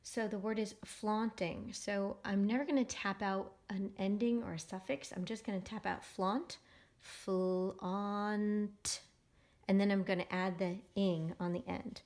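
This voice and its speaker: A woman teaching a phonics lesson to young children, sounding out each syllable slowly and patiently. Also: medium pitch, steady tone, a little mellow.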